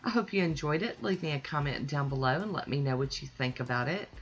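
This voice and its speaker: Lady with a deep voice doing a laid-back nail polish voiceover, gushing over colors. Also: expressive, fast, muffled recording. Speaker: nail polish channel host. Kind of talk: casual voice-over tutorial.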